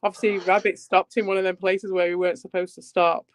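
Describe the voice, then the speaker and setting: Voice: medium pitch, little pitch movement, fast, dry recording. A co-host in casual chat who muses aloud and keeps asking follow-up questions. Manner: chatty, asks follow-up questions.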